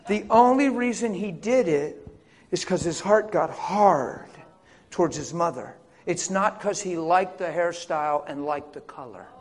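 A man with a slightly raised pitch preaching through a story. He surges loud and eager, then drops to a near hush, and laughs as he goes. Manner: swings from loud excited bursts to hushed tones; laughs as he talks. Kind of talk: storytelling sermon.

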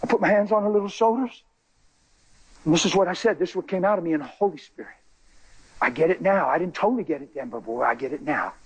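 A man giving an emotional spoken testimony to a church, impassioned and emphatic, his voice swinging from high cries to low murmurs. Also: quick pace, breathy edge, low-quality recording.

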